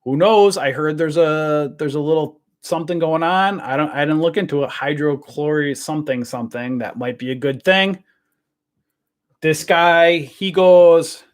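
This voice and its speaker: A man's voice: on the high side, moderate pace. A man hosting a casual live trading stream, rambling with lots of fillers and calling viewers guys. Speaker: trading show host. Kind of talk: casual livestream chat.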